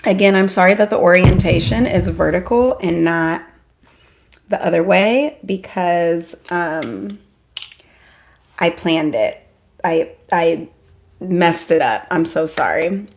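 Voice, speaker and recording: A woman hosting a casual live stream from home, chatty and excitable, joking at her own expense and greeting viewers by name. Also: fairly low pitch, takes it slowly. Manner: self-deprecating, apologetic asides. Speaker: homeschool mom vlogger hosting a live stream.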